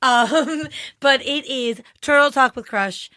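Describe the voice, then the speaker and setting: Upbeat woman podcast co-host, higher voice. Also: takes it slowly, pushed and bright, no room sound. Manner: enthusiastic, laughs often. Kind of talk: casual chat. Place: podcast studio.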